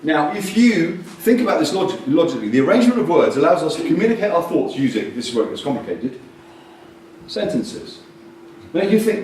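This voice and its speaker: Animated man speaking in an echoey hall. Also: a little high, a little fast. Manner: animated, jokey and blunt, with sudden loud bursts. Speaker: conference speaker on communication. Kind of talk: lively conference talk. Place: large conference hall. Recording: distant echoey hall recording with faint noise.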